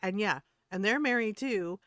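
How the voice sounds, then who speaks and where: A woman's voice: medium pitch, expressive, moderate pace, fairly bright tone, no echo. Heated, profane woman ranting on stream. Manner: heated, profane, laughing between points. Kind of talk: casual rant to stream chat.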